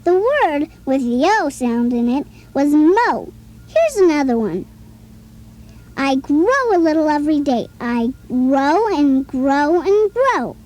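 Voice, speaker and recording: A chirpy little boy toy pal on a children's play-along tape, with a very high voice that bounces all over. He talks slowly and carefully, coaxing the listener along with friendly questions. Soft music plays faintly underneath. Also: very animated. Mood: cheerful. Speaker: talking toy companion.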